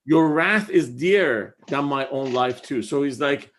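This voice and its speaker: A man's voice: mid-range voice, a little slow, few pauses, fairly bright tone. A man teaching a class in a casual style, reading out lines of verse and then paraphrasing them conversationally. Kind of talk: casual class explaining poetry.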